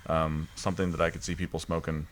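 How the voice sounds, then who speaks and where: A man's voice: very deep voice, flat delivery, fast. A man co-hosting a casual review podcast, rambling along with lots of ums and restarts. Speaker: podcast host.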